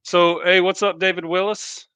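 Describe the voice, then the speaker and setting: An older man from Kentucky with a Southern accent, his voice bright and smooth. He co-hosts a casual podcast, greeting viewers and reading their comments in an easygoing way. The sound is dry and close. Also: high-pitched, level tone, moderate pace, no echo. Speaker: podcast co-host. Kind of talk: casual chat.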